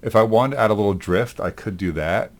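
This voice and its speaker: A male animation instructor in a recorded lecture, talking through his work aloud in a relaxed way, with frequent ums. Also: fairly low pitch, fairly quick, soft background music. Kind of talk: recorded lecture demonstrating software.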